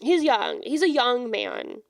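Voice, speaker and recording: A woman's voice: on the high side, animated, slow, creaky, dry recording, clean studio sound. A young woman co-hosting a casual book-club podcast, talking animatedly and acting out characters' lines in playful voices. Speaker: podcast co-host.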